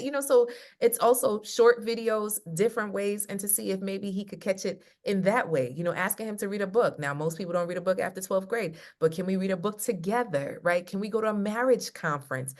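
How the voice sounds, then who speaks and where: A love coach on a video call tells stories in casual conversation, playing out each quote with lively energy. Her mid-range voice moves a little quickly.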